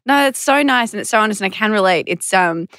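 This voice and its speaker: A woman's voice: medium pitch, expressive, fast, fairly bright tone, clear, resonant tone, dry recording. A chatty woman who hosts a podcast interview. She is encouraging toward her guest. The sound is dry and close to the mic. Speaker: podcast host.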